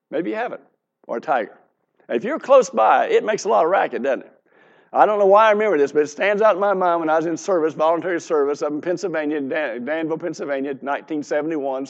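A man's voice: high voice, lo-fi sound. A man in his seventies preaching a sermon in an earnest, conversational way, asking the congregation questions.

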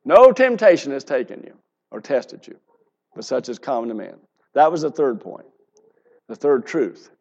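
A man's voice: medium pitch, big pitch swings, moderate pace, vocal fry, pauses often, a little mellow. Male pastor delivering a sermon, emphatic scripture reading, dull lo-fi recording. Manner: preaching, reading scripture aloud with rising emphasis.

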